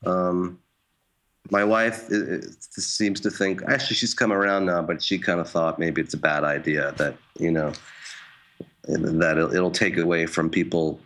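Low-voiced man, hesitant musician. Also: steady tone, unhurried, fairly bright tone. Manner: hesitant, many restarts and fillers; wry, self-mocking humor. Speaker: jazz musician. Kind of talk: casual interview talk.

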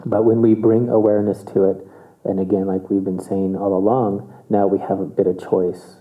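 Low-voiced man giving a meditation talk over tinny audio. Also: flat delivery, normal speed. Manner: casual, conversational, chuckling often, checks in with listeners. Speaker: meditation teacher. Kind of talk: relaxed dharma talk.

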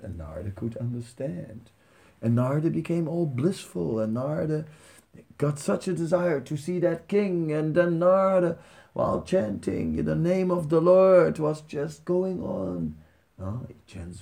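A man gives a devotional talk in a soft, conversational way, leaning on fillers as he tells stories. His voice is gravelly and sits at a middle pitch. He sounds like a spiritual teacher speaking to a gathering. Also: expressive, measured pace.

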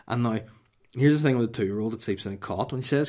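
A man, telling a profane, rambling comic story on a podcast. His voice sits slightly low, and he jokes his way through the tale in a loose, casual way. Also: fast, darkish tone.

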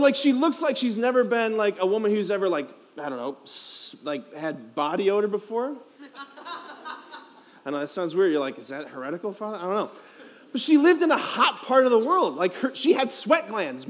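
A man's voice: sits high, animated, brisk. A young man, a priest, giving a playful, emphatic homily at a youth conference, asking the crowd questions, speaking into a headset mic.

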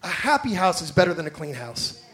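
With a high voice and a brisk pace, a male pastor delivers a lively sermon. He animates his stories, acts out the people he quotes, and turns to ask the congregation direct questions.

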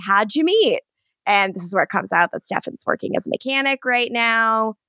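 Lively woman recapping a show, dry mic. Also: on the high side, moderate pace, no echo. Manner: animated, profane, acts out characters' lines. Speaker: podcast co-host. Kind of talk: casual recap chat.

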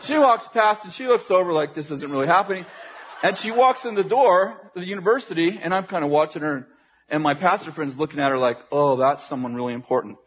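A man with a high voice tells a story from the pulpit, animated and quick to laugh. He acts out what the people in the story said. The recording sounds dull and lo-fi, with faint noise underneath. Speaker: preacher. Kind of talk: sermon storytelling.

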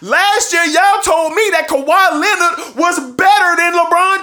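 A man's voice: extremely high pitch, fairly even intonation, measured pace, few pauses, sharp tone. A man hosting a sports show, ranting emphatically and repeating his points for effect, with bursts of laughter between points. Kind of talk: sports opinion rant.

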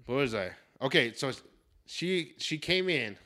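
A young man hosting a casual podcast, telling a story in a profane, animated way. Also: medium pitch, a little slow. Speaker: podcast host.

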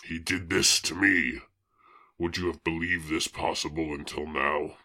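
Man doing a deep, grave swamp monster. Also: steady tone, pushed and bright, heavily acted. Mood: pleading. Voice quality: very deep, rumbling. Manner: slow, grave pronouncements.

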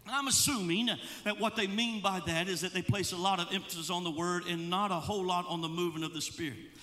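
A male evangelist preaching a sermon, impassioned, rising into shouts and sung, chanted phrases. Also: high voice, fairly even intonation, brisk, big-room sound. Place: church sanctuary.

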